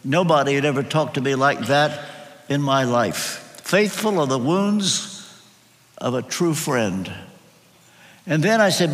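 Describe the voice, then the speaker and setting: Slow, lively older male preacher. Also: a little high. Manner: earnest storytelling, emphatic pauses and repetitions. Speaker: pastor. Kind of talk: sermon. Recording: long reverb of a large hall.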